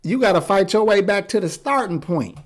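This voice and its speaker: Male co-host, casual podcast chat: a lively, swooping delivery, slightly high voice, blunt and profane. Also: brisk. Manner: animated, profane, blunt ranting.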